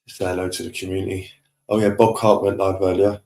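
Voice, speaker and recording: A man hosting a live stream, his voice sitting low with a gravelly, creaky edge. He chats loosely, reads out comments from viewers and tosses off easygoing shout-outs. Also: fairly quick. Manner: relaxed, chatty shout-outs to viewers with chuckles. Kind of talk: casual live-stream chat, reading out comments.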